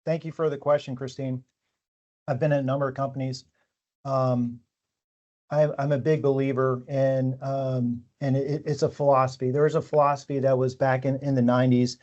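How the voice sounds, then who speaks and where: A man's voice: mid-range voice, little pitch movement, moderate pace, a little mellow, lo-fi sound. A man, a new employee, answering questions in a casual chat and often repeating words as he starts. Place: company office.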